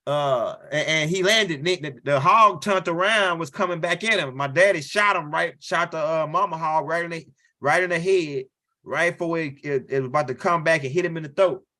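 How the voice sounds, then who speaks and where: A man's voice: fairly high pitch, moderate pace, sharp tone. A male stand-up comedian telling a rambling, profane story and checking in with the crowd with "right?". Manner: loose, profane storytelling with frequent "right?" tags.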